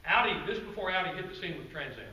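A man giving a guest-speaker presentation to a club audience, telling stories in a relaxed, conversational way with asides to the crowd. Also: high voice, quick pace. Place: meeting room with an audience. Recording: roomy, distant, faint background noise.

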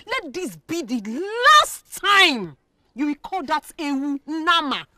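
A woman's voice: high-pitched, big pitch swings, slow, pushed and bright, no room sound, full character voice. An actress with a Nigerian accent playing a defiant wife who talks rudely and insults those around her. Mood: scornful. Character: defiant young wife scorning her husband. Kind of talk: Nollywood film acting.

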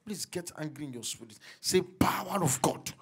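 A man's voice: a little high, expressive, moderate pace, very noisy. A man, a pastor leading a church congregation in fervent, repetitive prayer. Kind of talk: sermon prayer session. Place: church hall.

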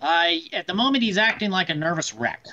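A man narrating a tabletop role-playing game as game master, pausing often with fillers. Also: high-pitched, sing-song, sharp tone, highs cut off. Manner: halting, with many fillers.

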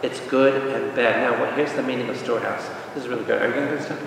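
A man, a priest, leading an informal Bible study, lively and joking, asking the group questions. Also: mid-range voice, quick pace, creaky, noisy background. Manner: jokey, lively teaching with asides and questions to the group. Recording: echoey hall, voice from far off.

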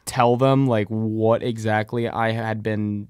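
A man's voice: lowish voice, little pitch movement, slow pace, a little mellow, clear, resonant tone, no room sound, studio quality. Rambling young man telling a story. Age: young adult. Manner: rambling, lots of "like" fillers, acts out quotes. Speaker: podcast co-host. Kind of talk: casual chat, storytelling.

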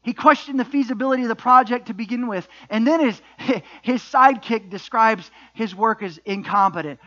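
A man's voice: high-pitched, a little fast, hardly any pauses, pushed and bright, lo-fi sound. A middle-aged man preaching a sermon as pastor, emphatic, with repeated refrains and rhetorical questions.

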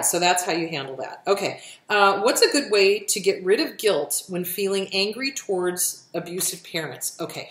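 A woman's voice: mid-range voice, a bit bright, roomy sound. Blunt, profane woman giving advice. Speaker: therapist host answering viewer questions. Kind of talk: casual advice talk.

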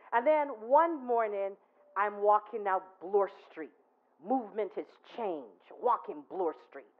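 A woman giving a chatty, anecdotal tribute at a memorial, telling stories and checking in with her listeners. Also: mid-range voice. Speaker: eulogy speaker at a memorial. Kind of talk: storytelling tribute. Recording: tinny phone-like recording.

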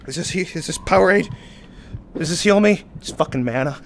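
A man streaming a game live, yelling reactions and making mock-heroic boasts at a desk mic. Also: on the high side, lively intonation, a little fast, a little hiss or hum.

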